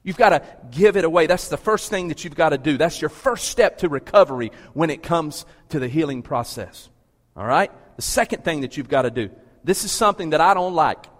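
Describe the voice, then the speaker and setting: A pastor preaching to a full church. His slightly high voice carries a long reverb through the big sanctuary. He drops to low, quiet pleas, then climbs to loud, emphatic calls. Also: lively intonation, brisk. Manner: rhetorical questions to the congregation. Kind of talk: sermon. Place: large church with a balcony.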